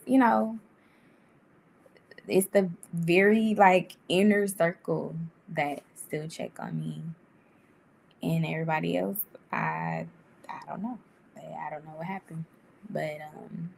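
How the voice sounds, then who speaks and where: Chatty gravelly-voiced woman vlogger. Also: slow pace, pauses often, a little hiss or hum. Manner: chatty, animated, laughs often, sudden pitch jumps. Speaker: vlogger giving life advice. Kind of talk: casual talk to camera. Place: indoor room.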